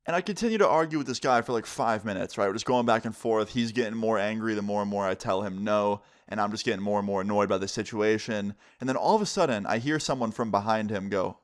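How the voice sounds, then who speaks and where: A man's voice: on the low side, fast, few pauses. A man in his twenties casually telling a storytime vlog story, swearing often. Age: 20s. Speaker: vlogger.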